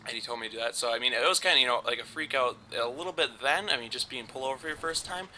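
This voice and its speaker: Bright-voiced young man rambling profanely. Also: medium pitch, very fast, slight background noise. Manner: profane, rambling, laughs often. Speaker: gaming commentator. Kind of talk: casual storytelling over gameplay.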